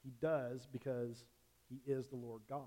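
A man's voice: medium pitch, flat delivery, measured pace, dark tone. A man preaching a sermon as a pastor in a church, in a conversational way with frequent restarts and self-corrections. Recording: long church-hall reverb.

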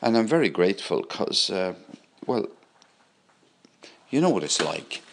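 A man's voice: low-pitched, big pitch swings, a little slow, gravelly, no room sound. A middle-aged man, host of a podcast, chatting casually in a voice message and rambling with many fillers.

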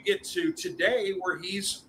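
A man co-hosting a podcast in casual chat, pausing often with "uh" as he talks. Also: high voice, a crowd in the background. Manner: hesitant, many uh fillers. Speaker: podcast co-host.

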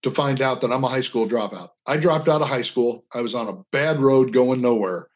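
An older man, a veteran advocate, speaks as a guest on a radio interview over a call-in line, telling stories with earnest passion and using inflection for emphasis. His voice sits at medium pitch, he talks fairly quickly, and the highs are cut off.

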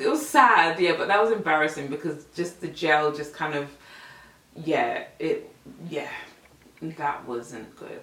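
Expressive woman in an echoey room. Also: low-pitched, far from the mic. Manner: animated, laughing, acts out voices in the story. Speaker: podcast host. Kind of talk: casual storytelling. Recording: echoey room, voice set back from the mic.

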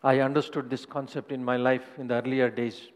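Pasteur qui prêche dans une grande salle réverbérante. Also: male voice, medium pitch, little pitch movement, brisk, in a large hall. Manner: earnest testimony, repeating phrases. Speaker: pastor. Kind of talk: sermon.

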